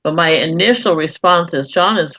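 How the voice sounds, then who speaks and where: A woman medium giving an intuitive reading, searching for words with pauses and fillers. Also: on the low side, a bit bright, dry recording. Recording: dull lo-fi dry audio.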